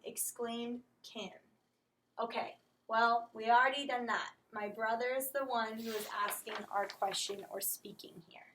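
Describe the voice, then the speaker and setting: Woman teacher, fairly high voice, slow and methodical walkthrough. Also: fairly bright tone, slight background noise, poor audio. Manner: slow, step-by-step explaining, apologizes for slips. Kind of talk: recorded classroom lesson.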